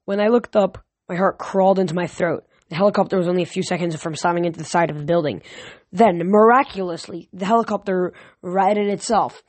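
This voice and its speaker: A man's voice: high-pitched, fairly quick, no echo. A male amateur reader reading a novel aloud, with frequent restarts and self-corrections. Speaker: audiobook reader.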